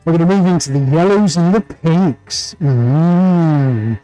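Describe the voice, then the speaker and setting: On a live stream, a talkative man walks viewers through his painting, laughing easily and reading greetings aloud by name. His voice is a little high and his delivery slow, with soft background music and low-quality audio.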